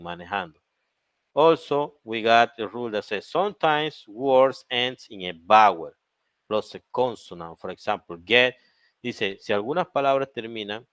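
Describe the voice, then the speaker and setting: Bilingual male teacher, low dry voice. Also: fairly bright tone, no echo. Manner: explains in English then repeats in Spanish, many "okay?" checks. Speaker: English teacher. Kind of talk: bilingual grammar lesson.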